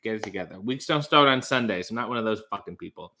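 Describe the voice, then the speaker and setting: A man's voice: lowish voice, lively intonation, fast talker, pushed and bright, a little hiss or hum. A man hosting a casual livestream from home, reading viewers' comments and answering them with dry, sarcastic asides. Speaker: livestream host.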